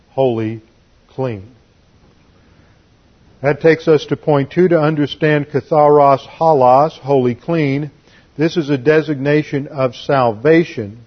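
A man's voice: on the high side, lo-fi sound. A man preaching, teaching verse by verse and stressing points with emphasis. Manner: emphatic, explains Greek and Hebrew words. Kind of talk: expository Bible teaching.

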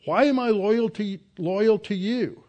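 A preacher voicing a loyal soldier who protests in disbelief, his pitch pushed up high. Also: a little slow, a little mellow, highs cut off. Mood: incredulous. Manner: incredulous, protesting. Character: loyal soldier, offended and incredulous.

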